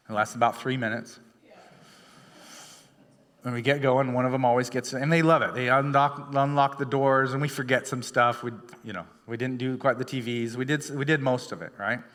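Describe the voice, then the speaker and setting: A man's voice: mid-range voice, fairly even intonation, normal speed, long pauses, fairly bright tone. A male pastor preaching a sermon in a chatty storytelling way, full of fillers and restarts, in a church. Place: church sanctuary. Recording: long hall reverb.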